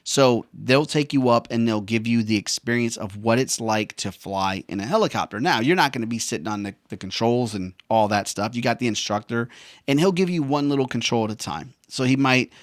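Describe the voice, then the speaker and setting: A veteran man tells a personal story in a loose, casual monologue. He talks in slang and curses freely, calling the listener bro and man. His mid-pitched voice sounds dry and close. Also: expressive, fairly quick, no echo. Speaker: veteran vlogger.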